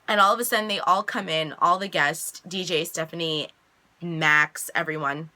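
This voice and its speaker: A chatty young woman recapping a TV episode in a relaxed, casual way. Her voice is bright and forward, and it leaps up in pitch whenever she acts out the characters' lines. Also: brisk. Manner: chatty, animated quoting with big pitch jumps. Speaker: reaction vlogger recapping an episode.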